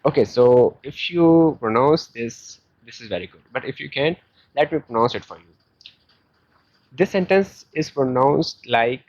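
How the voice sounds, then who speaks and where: A man with a South Asian English accent teaching a beginner language lesson, explaining slowly and patiently with many fillers. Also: medium pitch, animated, a little mellow, no room sound. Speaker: Chinese teacher. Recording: dull lo-fi sound.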